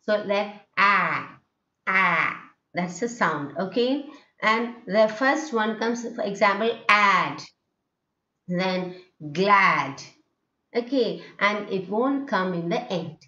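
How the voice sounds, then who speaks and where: A woman's voice: mid-range voice, roomy sound, highs cut off. A woman with an Indian English accent giving a phonetics lecture, stretching out vowel sounds and checking in with "okay?" as she goes. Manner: slow, drawn-out modelling of vowel sounds with frequent "okay?". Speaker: teacher.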